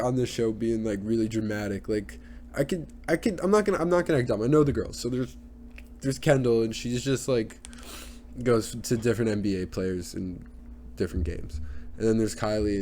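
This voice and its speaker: A man's voice: lowish voice, mellow. Young man, rambling crude podcast rant, lots of fillers, faint hiss behind. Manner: rambling, crude, with many fillers and put-on voices. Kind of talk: casual solo podcast rant.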